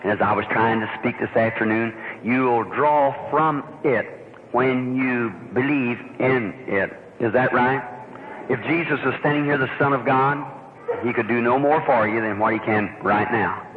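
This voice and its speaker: Fervent folksy preacher on a tinny recording. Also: male voice, medium pitch, moderate pace. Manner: folksy, fervent, often asks the crowd to agree. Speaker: evangelist preacher. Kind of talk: sermon to a live congregation. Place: church hall during a service. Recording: muffled, tinny old recording with hiss.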